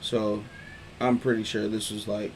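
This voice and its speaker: A man hosting a casual sports talk stream, riffing in loose, slangy, animated talk. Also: lowish voice, a little slow, a little hiss or hum. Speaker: host.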